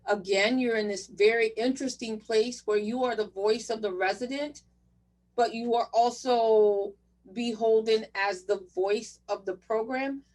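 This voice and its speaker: A woman's voice: medium pitch, a little mellow, distant mic. A woman giving a motivational conference talk to new chief residents, direct and encouraging. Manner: direct, encouraging, addresses audience as "you guys". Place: virtual conference session.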